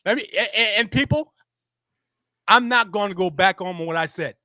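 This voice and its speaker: A man's voice: high-pitched, normal speed, pushed and bright, dry recording. A man hosting a sports show, arguing heatedly, repeating himself and restarting his sentences. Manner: insistent, repetitive, stammering restarts. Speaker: show host. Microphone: facing a camera.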